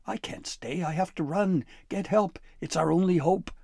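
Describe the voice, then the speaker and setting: A man's voice: high voice, normal speed, gravelly, a little mellow, breathy edge, no echo, clean studio sound, voice pushed up, exaggerated voice. A man voicing a small, frightened male elf who frets, scolds and pleads in a fussy, hissing way. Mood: frantic pleading.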